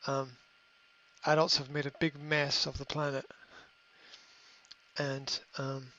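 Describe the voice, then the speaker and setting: A middle-aged man hosting a podcast, giving a motivational monologue in a halting way, repeating words and filling pauses with ums. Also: mid-range voice, completely flat delivery, bright, forceful tone. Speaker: podcast host. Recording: slightly dull lo-fi audio.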